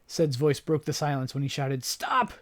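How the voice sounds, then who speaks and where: A man hosting a gaming channel, reading story text from the game aloud in a dramatic, expressive way. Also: mid-range voice, a little fast.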